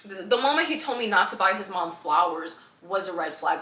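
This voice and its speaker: Animated young woman telling a story, roomy sound. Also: mid-range voice, a little fast. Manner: animated, laughing, acting out quoted voices. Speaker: vlogger. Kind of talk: personal storytelling vlog.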